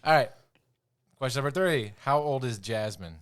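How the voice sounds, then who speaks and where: A man's voice: mid-range voice, lively intonation, normal speed, a bit bright, clear, resonant tone. A man hosting a trivia round on a casual podcast, his voice sitting in a middle register. He teases his co-hosts and laughs often as he reads out questions and answers. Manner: teasing quizmaster, laughs often. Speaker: podcast co-host running the trivia quiz.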